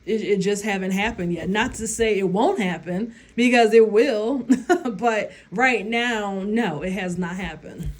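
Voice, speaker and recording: A young adult woman with a mid-range voice talks a little slowly in casual vlog chat, answering questions bluntly, swearing, and laughing often.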